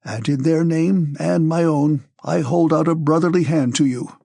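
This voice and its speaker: A man voicing a severe, calm old male Freemason who speaks in a deliberate, loud way in an audiobook. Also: on the high side, gravelly, dry recording, studio quality. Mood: grave, paternal. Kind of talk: audiobook character reading.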